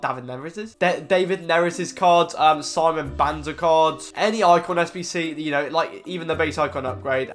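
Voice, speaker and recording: A British man who has a heavy cold, hosting a casual gaming video. He chats to viewers as lads and boys, bursts into loud shouts at big pulls, then drops to a low mutter. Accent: British English. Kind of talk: pack-opening game commentary.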